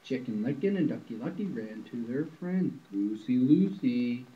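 A man's voice: medium pitch, animated, moderate pace, lo-fi sound. A man reading a children's picture book aloud in a playful, storytelling manner.

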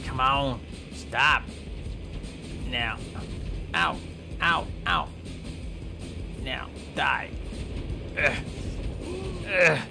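A man voicing a hot-tempered male brawler who yells and taunts. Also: fairly high pitch, creaky, full character voice. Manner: yelling, taunting.

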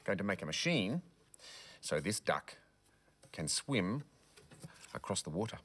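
A man presenting a children's TV show, gently showing a simple craft to young children. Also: low voice, big pitch swings, slight background noise. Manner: gentle, slow and sing-song.

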